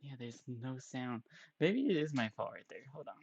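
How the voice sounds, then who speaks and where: A man's voice: medium pitch, animated, moderate pace, vocal fry, slightly rough, muffled recording. A man streaming a game in a casual, joking way, chatting with his viewers and laughing often.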